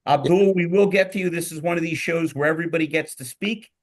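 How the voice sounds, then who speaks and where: Middle-aged male host, Philly accent, rambling and jokey, energetic panel banter. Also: on the high side, fast. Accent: Philadelphia. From Philadelphia. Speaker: podcast host. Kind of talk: casual panel talk.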